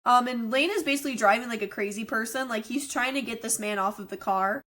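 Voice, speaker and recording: A woman's voice: on the high side, quick pace, a bit bright. A woman co-hosting a podcast, chatting casually as she narrates a movie's plot and reacts to it. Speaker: podcast co-host. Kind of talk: casual movie recap chat.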